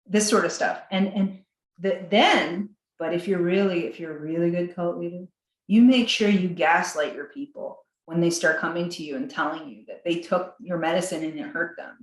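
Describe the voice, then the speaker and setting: A woman guest on a podcast interview, talking in an animated way, acting out quotes in a higher voice and laughing between points. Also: reverberant, poor audio.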